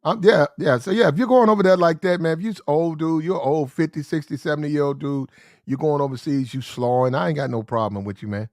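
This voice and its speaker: A man's voice: on the high side, brisk, darkish tone, dry recording, studio quality. A man from the United States giving blunt, slangy opinion commentary, repeating his points for emphasis. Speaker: commentary show host.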